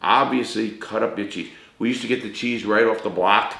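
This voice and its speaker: Rich: A middle-aged man runs a casual cooking demo, talking straight to the viewers as "people" and "guys." His voice is bright and forceful. It rings in an echoey room. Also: fairly low pitch, moderate pace, gravelly. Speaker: cooking show host.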